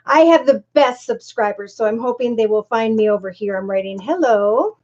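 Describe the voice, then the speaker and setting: A middle-aged woman with a slightly high voice hosts a casual live tarot reading. She talks in a loose, rambling way and greets viewers by name. The audio is a little dull and lo-fi. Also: lively intonation, normal speed, a little mellow. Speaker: tarot reader hosting a live stream.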